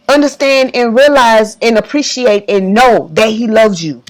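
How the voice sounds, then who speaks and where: A woman's voice: on the high side, unhurried, few pauses. A woman giving an impassioned religious monologue to camera, emphatic and repetitive, audibly emotional. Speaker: faith vlogger.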